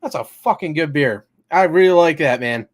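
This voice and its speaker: A man's voice: a little high, lively intonation, normal speed. A man co-hosting a casual sports and beer talk show, laid-back and tacking "man" onto his sentences. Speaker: podcast co-host.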